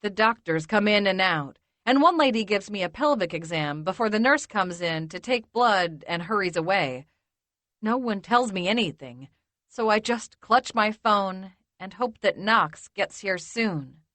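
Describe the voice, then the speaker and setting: A woman narrating a first-person romance audiobook in a measured, intimate way. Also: medium pitch, lively intonation, a bit bright, no room sound.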